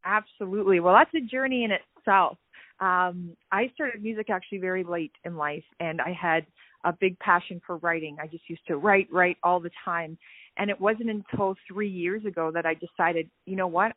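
A woman from Canada talks as a guest on a radio show, chatty and quick to laugh. She comes through a thin, tinny phone line. The sound is close and dry, with no room around it. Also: on the low side, dry recording. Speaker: guest singer-songwriter. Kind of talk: phone interview. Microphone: telephone.

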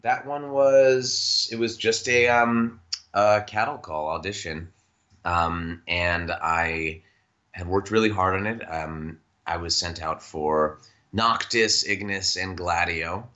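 A man who works as a voice actor, chatting in an interview and thinking out loud with frequent restarts and fillers. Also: low voice. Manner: thoughtful, halting with many restarts and fillers. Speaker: voice actor guest. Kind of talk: casual interview chat.

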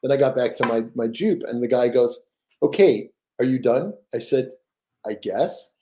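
Older man, mellow rambling storyteller. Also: medium pitch, normal speed, a little hiss or hum. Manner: rambling, animated, frequent restarts and laughs. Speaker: guest author. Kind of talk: casual storytelling interview.

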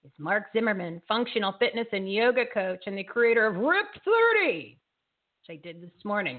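A woman's voice: medium pitch, moderate pace. Chatty woman host over a tinny line. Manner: chatty, laughs often, excitable. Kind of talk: casual live show chat.

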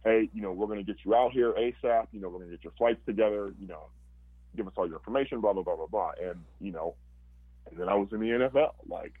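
A man's voice: on the low side, fast talker, breathy edge, no room sound, phone-quality sound. A man, a former football player, telling his story casually and animatedly, acting out quotes with lots of fillers.

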